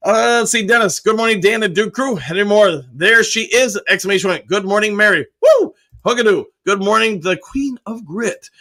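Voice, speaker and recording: A man's voice: sits high, a little fast, hardly any pauses, pushed and bright. A man hosting a casual live fan stream, reading viewer comments aloud and answering each one, with frequent cheers and "uh" fillers. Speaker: podcast host reading live chat.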